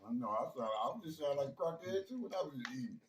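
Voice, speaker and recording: A man's voice: on the high side, expressive, quick pace, very noisy. Joking man, echoey room. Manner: loud, joking, swears freely. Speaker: guest. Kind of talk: casual chat while eating.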